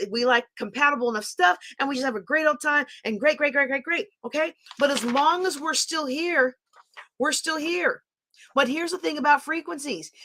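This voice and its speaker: Lady teaching a class, chatty and animated, high bright voice. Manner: chatty and animated, drawing on a board as she explains.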